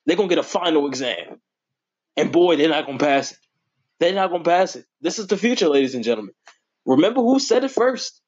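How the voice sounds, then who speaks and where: A young man hosting a casual sports podcast, informal and playful, his voice jumping high when he gets excited. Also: fast talker, slightly rough. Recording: dull lo-fi recording.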